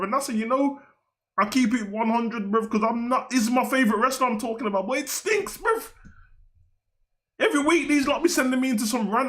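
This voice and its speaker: A man's voice: very high voice, a bit bright. A young man, hosting a wrestling talk show in a slangy, heated, rambling rant. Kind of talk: ranting casual commentary.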